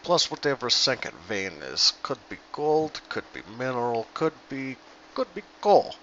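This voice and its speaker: A man voicing Dorian, a gruff dwarf mine boss, in a put-on Russian accent and broken English. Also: medium pitch, sing-song, measured pace, a bit bright, dull audio, slight background noise. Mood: boastful.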